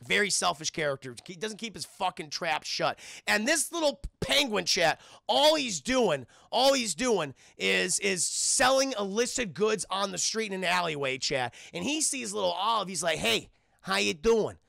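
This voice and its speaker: A man's voice: high-pitched, expressive, normal speed, creaky, few pauses, bright, forceful tone, no echo, studio quality. A man giving a casual, profane film review on stream, constantly addressing his chat.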